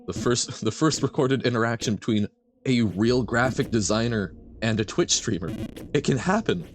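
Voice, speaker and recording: A man streaming a game, chatting casually with his audience in an animated, rambling way that keeps correcting itself. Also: medium pitch, moderate pace, a little hiss or hum. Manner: animated, rambling, self-correcting, answers chat. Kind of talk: casual live-stream chat while gaming.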